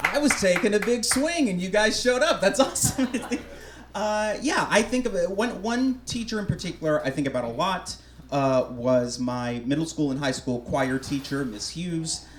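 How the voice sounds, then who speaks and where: Man, young adult, from Alabama, comedy host, chatty, self-deprecating, slightly high voice, roomy theater sound. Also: expressive, moderate pace, a little hiss or hum. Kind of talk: live storytelling. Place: small theater stage.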